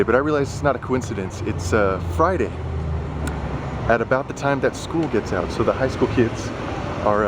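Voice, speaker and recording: A man's voice: fairly low pitch, heavy background noise. A young man talking casually in a vlog, rambling and worked up, full of fillers and asides. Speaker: vlogger. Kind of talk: casual chat. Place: partly in a car.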